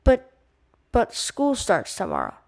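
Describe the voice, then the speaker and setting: Lady reading an earnest young boy, slightly raised voice, bit creaky. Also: mid-range voice, huge pitch swings, takes it slowly, exaggerated voice.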